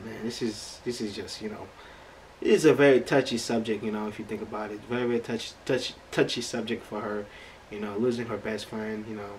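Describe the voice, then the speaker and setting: A man's voice: fairly low pitch, a little hiss or hum, rough recording. Emphatic slangy man reacting. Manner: slangy, emphatic, repeats phrases. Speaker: reaction video host. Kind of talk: casual reaction commentary.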